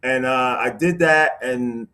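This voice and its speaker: A man as a guest, telling a story in a casual, animated way, with many restarts. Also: mid-range voice, slow pace.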